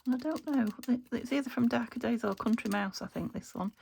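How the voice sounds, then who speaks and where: A British woman crafting a journal, talking to herself as she works and often trailing into soft half-whispers. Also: fairly high pitch, fairly quick, vocal fry, a little hiss or hum. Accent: British English. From United Kingdom. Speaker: craft channel host. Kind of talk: casual crafting commentary.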